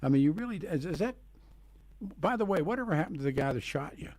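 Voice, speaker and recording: A man's voice: a little high, expressive, fast, a little mellow, no room sound. A man hosting a talk radio show, commenting earnestly on his guest's story. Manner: reactive, short interjections and earnest comments.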